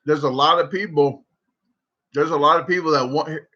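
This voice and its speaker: A man's voice: a little high, normal speed. A man with a Southern US accent telling a rambling story casually on a livestream, with many restarts. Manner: rambling, repeats and restarts, animated when quoting. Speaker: livestream host. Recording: dull lo-fi livestream audio.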